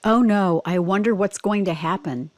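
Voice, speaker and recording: A woman reading a picture book aloud for children, slow and clear, stopping to ask simple questions. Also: medium pitch.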